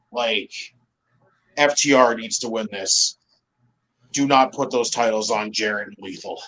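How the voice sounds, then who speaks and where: A man's voice: mid-range voice, steady tone, normal speed, sharp tone, slight background noise, low-quality recording. A man in casual podcast chat rants with strong emphasis. He swears often and drives every point home. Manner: emphatic, profane ranting. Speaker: podcast guest.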